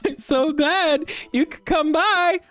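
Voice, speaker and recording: A woman's voice: sits high, slow, a bit bright, no room sound, pitched above the performer's own voice. A woman voicing a friendly, cheerful dad character in a dating game, reading his lines aloud in a welcoming way. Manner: welcoming, eager. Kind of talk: game dialogue read aloud.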